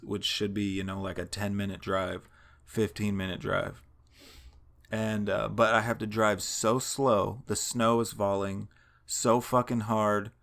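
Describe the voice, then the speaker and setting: A man's voice: fairly low pitch, fairly bright tone, clean tone. A man vlogging, telling a long story casually, rambling with lots of fillers and swearing.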